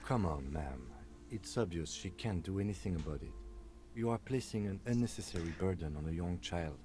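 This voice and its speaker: Casting: steady cop partner, low and dark, measured delivery. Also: male voice. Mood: firm.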